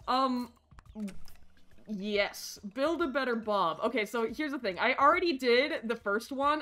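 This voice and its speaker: A woman streaming a game from her basement, chatty and excitable, with game music behind her. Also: on the high side. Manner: excitable, chatty, bursts into shrieks and laughter. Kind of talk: casual gameplay streaming. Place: home basement.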